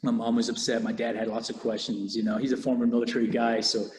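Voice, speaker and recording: A man's voice: mid-range voice, flat delivery, quick pace, a crowd in the background. A police officer telling a personal story in a candid, conversational way, acting out the dialogue as he goes. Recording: roomy hall reverb.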